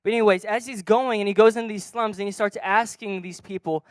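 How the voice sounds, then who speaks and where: High, smooth-voiced male preacher. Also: steady tone, fairly quick, dry recording. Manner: acts out dialogue, swinging between soft and loud. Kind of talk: sermon storytelling. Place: church stage.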